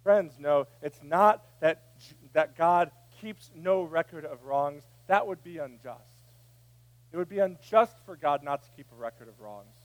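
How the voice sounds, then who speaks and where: A man preaching a sermon, dropping to a hush and then rising to a shout. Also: a little high, lively intonation, measured pace. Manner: preaching, swinging from hushed to shouting. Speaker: pastor.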